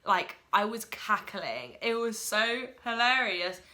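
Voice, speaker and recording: Bright-voiced chatty woman reviewing a film. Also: medium pitch, sing-song, slow pace. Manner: chatty, giggly, lots of "like" and "honestly". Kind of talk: casual film review chat.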